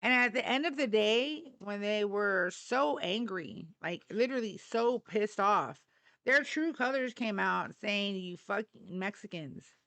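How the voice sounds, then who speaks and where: A woman's voice: medium pitch, animated, unhurried, pushed and bright. A middle-aged woman hosting a live political talk stream, blunt, profane and fired up. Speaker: livestream host.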